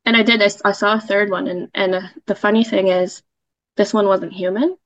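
A woman's voice: medium pitch, steady tone, fairly quick, a bit bright, dry recording. Woman guest, chatty storyteller, muffled dry remote-call sound. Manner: chatty, with frequent fillers and laughs. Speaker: podcast guest sharing a story. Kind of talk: casual storytelling.

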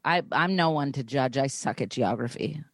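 A young woman chats on a podcast in a low, grounded voice. She is loose and self-deprecating and swears offhand. The sound is close and dry. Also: lively intonation, normal speed, dry recording. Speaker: podcast co-host. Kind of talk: casual chat.

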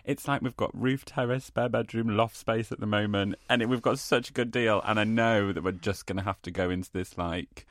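A man's voice: lowish voice, fairly even intonation, brisk, hardly any pauses, a bit bright, no echo. A man from England, telling wry, self-mocking stories in casual chat. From northern England.

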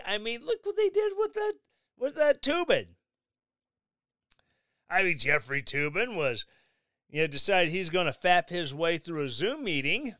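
A man giving sarcastic, mocking commentary on the news, with animated asides. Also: high-pitched, a little slow, long pauses, no room sound. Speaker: commentary vlogger.

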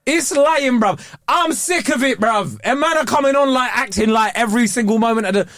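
A man co-hosting a podcast in casual chat, ranting animatedly with drawn-out exclamations. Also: very high voice, lively intonation, fairly bright tone, dry recording, studio quality. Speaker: podcast co-host.

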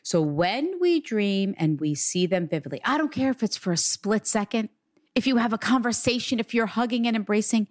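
A woman psychic medium gives an earnest, reassuring reading in conversation, raising her voice when relaying quotes. Her mid-range voice is expressive at a moderate pace, in a dry, clean studio recording.

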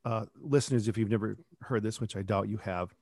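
A man's voice: lowish voice, a little fast, a little mellow, slightly rough, dry recording, studio quality. A middle-aged man who creates a kids podcast, talking reflectively in a casual interview. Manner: reflective, rambling with restarts.

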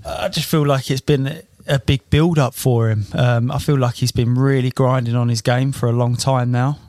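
A man's voice: medium pitch, steady tone, normal speed, a little mellow, no echo, clean studio sound. A man co-hosting a casual golf podcast, enthusiastic and slangy with frequent ums. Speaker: podcast co-host.

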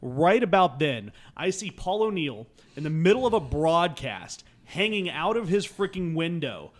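Animated storytelling man, slightly high voice. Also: unhurried. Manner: acts out quoted voices, swings loud and soft. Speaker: podcast guest.

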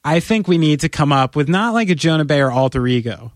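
A man co-hosting a podcast in casual chat, animated and playfully persuasive, talking in long run-on pitches. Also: a little fast, no echo, studio quality. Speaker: podcast co-host.

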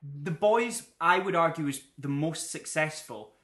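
A man's voice: fairly high pitch, a little slow, sharp tone, reverberant. A man co-hosting a podcast, chatting casually and rambling with frequent laughs. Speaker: podcast co-host. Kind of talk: casual chat.

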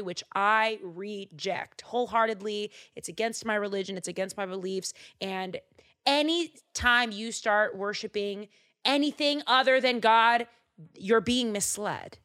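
A young woman hosting a casual podcast, talking about her faith in a rambling, playful way with lively asides. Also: mid-range voice. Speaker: podcast host. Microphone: studio microphone.

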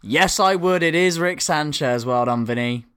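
A man's voice: fairly high pitch, normal speed, fairly bright tone, clean tone. A man hosting a casual podcast quiz, laughing often and swearing casually. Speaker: quiz host.

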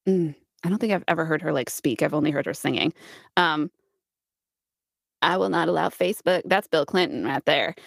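A woman's voice: low voice, a little fast, creaky, dry recording, clean studio sound. A woman co-hosting a casual comedy chat, giggly and self-deprecating. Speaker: podcast co-host.

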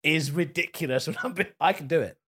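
A man co-hosting a casual comedy podcast, blunt and teasing, quick to laugh. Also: a little high, sharp tone, husky.

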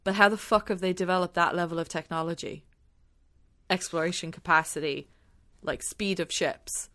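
A woman's voice: fairly low pitch, fairly even intonation, normal speed, a bit bright. A woman co-hosting a casual movie review podcast, rambling with lots of "like" and swearing when annoyed. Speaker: podcast co-host.

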